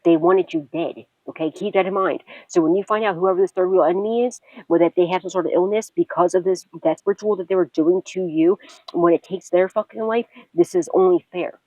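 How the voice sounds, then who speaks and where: A woman's voice: lowish voice, a little fast, warm tone, no room sound, dull audio. A woman speaks straight to her viewers as a tarot reader, talking through a reading in a blunt, unfiltered way. She swears freely and laughs often. She also circles back again and again to comfort the listener. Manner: blunt and profane, with frequent laughs and repeated reassurances.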